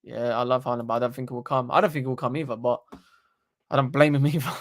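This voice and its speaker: A young man, hosting a casual live stream into a desktop microphone and talking in an animated, slangy, sweary way. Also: mid-range voice, fast talker. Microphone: desktop USB microphone.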